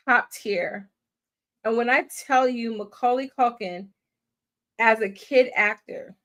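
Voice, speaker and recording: Chatty woman doing a movie watch party stream, talks slow, voice a little high, laughs a bunch. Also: fairly bright tone. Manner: chatty and effusive, laughs often. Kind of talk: casual live-stream commentary.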